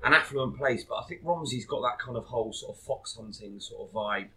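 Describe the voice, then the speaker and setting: A man's voice: mid-range voice, brisk, sharp tone. A man from southern England, a comedian guest in a casual live interview chat, wry and dry in his remarks. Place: live event venue.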